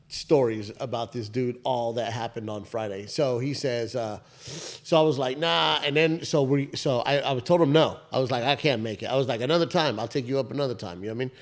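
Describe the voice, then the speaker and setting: In a fairly quick, medium-pitched voice, a thirty-something man co-hosting a podcast retells a story casually. It's a rambling, animated account full of "I was like" asides, repeated restarts and swearing.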